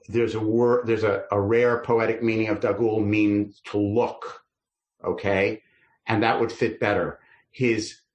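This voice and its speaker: Roomy-sounding man teaching a text study. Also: fairly low pitch. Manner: reads verses aloud then explains them, lively and musing. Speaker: rabbi teaching a class. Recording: roomy echo.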